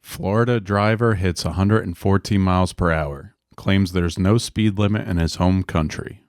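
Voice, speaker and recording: A man's voice: low voice, fairly even intonation, normal speed, dry recording. A man co-hosting a podcast in casual chat, dry and matter-of-fact as he reads out headlines and gives answers. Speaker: podcast co-host.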